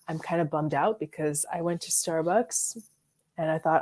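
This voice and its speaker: A woman's voice: sits low, a little slow, a little mellow. A woman hosting a casual fragrance livestream, chatting loosely and answering viewers' comments with frequent "like" and "um". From Florida. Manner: chatty, reads and answers live chat, frequent likes and ums.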